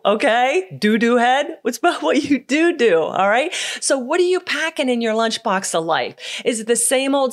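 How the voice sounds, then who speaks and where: A middle-aged woman hosting a motivational leadership podcast, talking in an emphatic, energetic way. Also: a little high. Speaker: podcast host.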